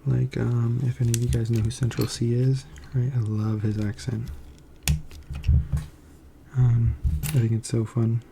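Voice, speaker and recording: A young man from the United States rambling in soft-spoken ASMR, meandering with many fillers. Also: mid-range voice, flat delivery, unhurried, gravelly, long pauses, background noise. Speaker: ASMR creator.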